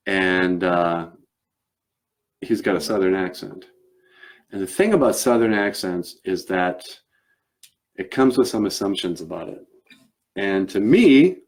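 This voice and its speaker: Man, live-stream host, casual chat, rambling, many fillers and restarts, very deep voice. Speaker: show host and puppeteer.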